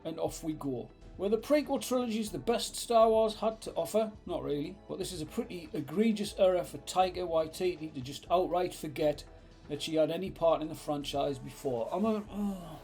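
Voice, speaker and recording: A man's voice: on the high side, normal speed, darkish tone, soft background music. A man ranting as a vlogger, sarcastic, exasperated and swearing freely. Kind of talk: ranting commentary.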